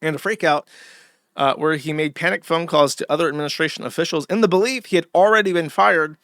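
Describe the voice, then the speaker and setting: A man's voice: a little high, fast, a bit bright, no room sound, clean studio sound. A man hosting a livestream, ranting and swearing in casual commentary. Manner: profane, ranting. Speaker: stream host.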